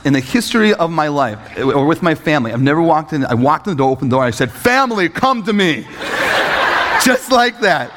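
A man preaching a sermon as he tells a personal story, acting out voices and leaping up in pitch when excited, laughing at times. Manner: animated storytelling, acts out voices, jumps high when excited. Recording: echoey hall reverb.

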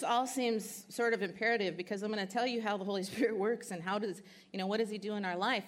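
A woman speaker at a church conference, telling an emotional testimony and teaching, earnest and halting with many fillers. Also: medium pitch.

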